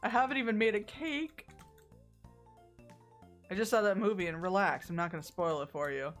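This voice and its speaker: A woman's voice: medium pitch, moderate pace, faint music behind. A woman streaming herself playing a game, chatting casually, joking with chat and reading on-screen text aloud.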